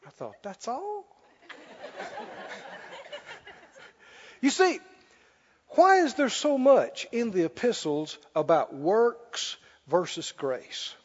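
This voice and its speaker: A man preaching a sermon, telling a story with laughs and loud bursts of prayer. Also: very high voice, big pitch swings, drawn-out words, pauses often, slightly rough. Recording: dull lo-fi sound with long hall reverb.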